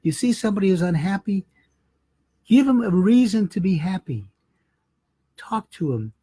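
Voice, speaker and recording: A man's voice: high voice, expressive, moderate pace, dark tone, husky, no room sound. A man, a rabbi, telling a holiday story in a folksy, conversational sermon.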